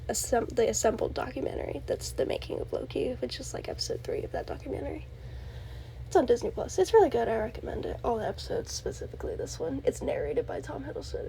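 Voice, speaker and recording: A woman's voice: sits high, gravelly, mellow, slight background noise, rough recording. A young woman hosting her own show, rambling casually and gushing about a film character, with many fillers and laughs. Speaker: podcast host. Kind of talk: casual solo rambling talk.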